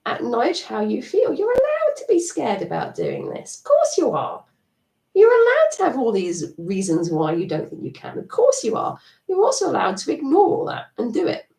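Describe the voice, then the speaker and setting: A woman's voice: sits high, huge pitch swings, moderate pace, vocal fry, warm tone. A middle-aged woman coaching a live EFT tapping session, chatty and encouraging, laughing at herself. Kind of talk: live-stream coaching talk. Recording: echoey room, distant mic.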